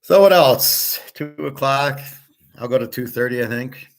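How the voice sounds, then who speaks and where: A man's voice: medium pitch, a little slow. A middle-aged man hosting his own channel, talking in a blunt, rambling casual monologue and often repeating himself. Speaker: channel host.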